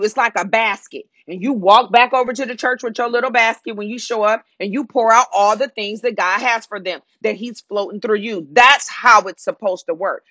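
A woman's voice: a little high, fairly bright tone, no echo. A woman preaching a sermon, repeating phrases and declaring in an emphatic way.

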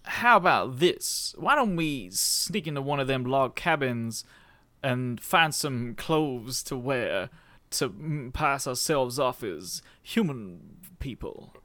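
A man's voice: mid-range voice, animated, slow pace, bright, forceful tone, no echo. A man playing a tabletop game, joking and playful. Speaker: player. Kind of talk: casual tabletop play.

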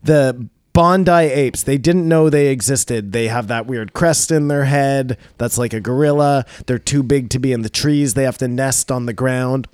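A man in casual podcast chat, circling his point with hesitant fillers. His voice sits at an ordinary pitch. The sound is close and dry, with no room in it. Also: moderate pace, a little mellow, clear, resonant tone, no room sound. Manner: rambling, hesitant, lots of fillers. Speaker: podcast co-host.

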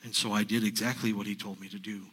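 A man playing Mary Magdalene, halting and grieving. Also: lowish voice, little pitch movement, a bit bright, husky, rough recording. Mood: earnest. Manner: halting, repeats himself, emotional retelling. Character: grieving woman disciple recounting the empty tomb. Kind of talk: first-person dramatic monologue sermon.

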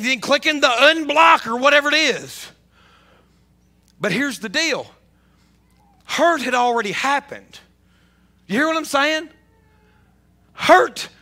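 Bright, animated high-voiced male pastor. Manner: animated, rising to near shouts, repeats himself. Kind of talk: sermon.

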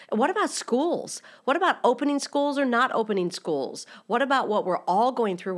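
A middle-aged woman hosting a faith-based podcast, teaching in an earnest, direct way and asking her listeners many rhetorical questions. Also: mid-range voice. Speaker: podcast host.

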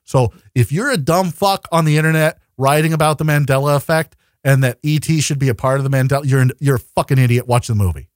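A man's voice: medium pitch, fast talker, few pauses, no room sound, studio quality. A man co-hosting a podcast in casual chat, ranting and swearing with lots of energy. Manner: animated, profane, ranting. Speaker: podcast co-host.

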